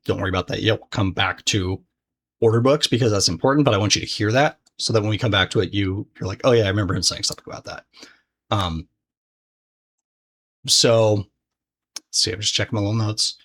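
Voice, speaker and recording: A man's voice: fairly low pitch, moderate pace, a bit bright. A man teaching a recorded course lesson in a casual, conversational way. He swears freely and restarts his sentences often. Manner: speaks directly to the viewer. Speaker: trading course instructor.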